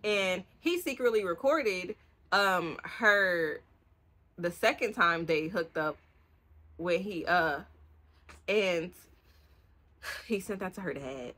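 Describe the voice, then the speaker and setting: A young woman, giving a rambling, casual book review full of swearing and acted-out lines. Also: lowish voice. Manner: animated, swearing, acts out the characters' lines in quick bursts. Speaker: book vlogger.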